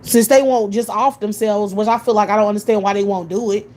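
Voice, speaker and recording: A woman's voice: mid-range voice, steady tone, a little fast, darkish tone, a little hiss or hum. A woman from the United States delivering a profane, scornful rant full of repeated rhetorical questions. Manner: scornful, repetitive rhetorical questions, heavy swearing. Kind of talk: profane ranting monologue.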